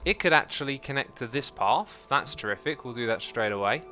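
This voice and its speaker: Bright, chatty man streaming games. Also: medium pitch, fairly quick, soft background music. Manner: chatty, excitable, thinks aloud, reads chat messages out. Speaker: livestream host. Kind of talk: live gameplay commentary.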